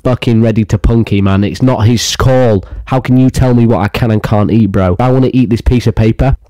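A man's voice: medium pitch, fairly even intonation, a little fast, dark tone, dry recording. Mock-angry man ranting crudely. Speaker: comedy commentary youtuber. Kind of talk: ranting comedic commentary.

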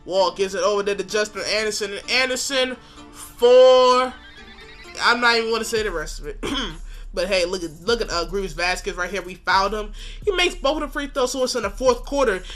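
A man calls his video game basketball match play by play, animated and joking, swinging between hype and mock outrage. His voice is bright and forward. Faint music plays behind him. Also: high voice, brisk. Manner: animated, hypes plays, jokes and trash-talks. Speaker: gaming commentator. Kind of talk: excited play-by-play game commentary.

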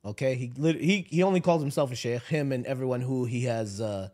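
A man's voice: medium pitch, brisk, a little mellow. A man co-hosting a podcast in casual chat, joking and rambling with frequent restarts. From Arab background. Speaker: podcast co-host. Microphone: video camera setup at home.

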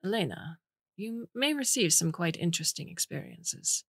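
Woman voicing a shy young man, Dutch accent, careful precise speech, slightly low voice. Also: lively intonation, moderate pace, husky, no echo, clean studio sound. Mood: kindly.

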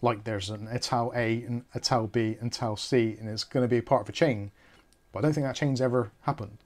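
A man's voice: medium pitch, steady tone, a little fast. A man, hosting a live tech stream in a rambling, jokey way that wanders off topic. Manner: rambling, jokey, self-correcting.

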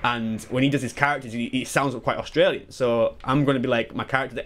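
A man in his twenties chatting casually and excitedly while playing through a game, swearing freely and wandering into asides. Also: mid-range voice, fast talker, few pauses. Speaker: gaming YouTuber. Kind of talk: live speedrun commentary.

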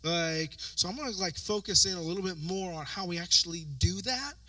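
A man preaching a sermon as pastor, telling stories with lively acted-out voices. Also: high voice, fairly quick, dry recording, distant mic, low-quality recording. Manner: animated storytelling with acted-out voices. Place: church sanctuary.

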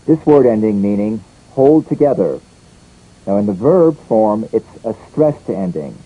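A man's voice: lowish voice, unhurried, husky, muffled recording. A man leading a scripted English pronunciation drill, saying each word and sentence twice. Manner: lively, repeats each word and line twice.

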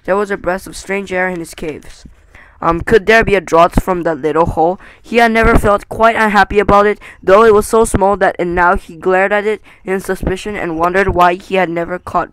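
A man reading a novel aloud in a halting way, stumbling and restarting often. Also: high voice, fairly bright tone, clear, resonant tone, dry recording, poor audio. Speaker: amateur audiobook reader.

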